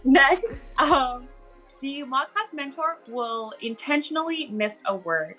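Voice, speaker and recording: Upbeat woman teaching mentor, slightly high, bright tone, faint music under. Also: expressive, takes it slowly. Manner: upbeat, encouraging. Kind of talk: instructional video chat.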